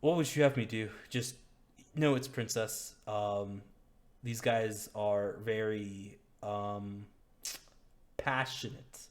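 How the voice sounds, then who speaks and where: A man voicing a calm, kindly male cult leader in a tabletop game, speaking in an easygoing, reassuring way. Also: lowish voice, slow.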